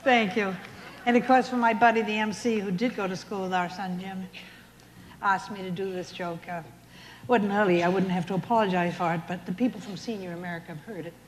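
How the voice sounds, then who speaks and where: A woman's voice: mid-range voice, steady tone, brisk, a little hiss or hum. Older woman stand-up, chatty storyteller, roomy hall echo with faint ambience. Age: 70s. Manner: chatty storytelling with voiced punchlines. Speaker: stand-up comedian. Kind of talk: stand-up routine in a casino showroom. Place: casino showroom stage.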